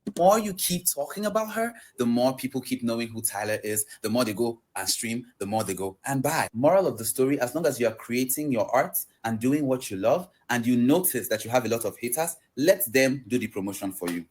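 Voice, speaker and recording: A man's voice: mid-range voice, animated, a little fast, darkish tone. A man in a defiant opinion video, lecturing his critics in a mocking tone.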